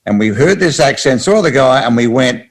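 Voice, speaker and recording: A man's voice: medium pitch, expressive, a little fast, rough recording. An older man, a guest author speaking emphatically and often cutting in to correct his partner. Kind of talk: animated interview talk.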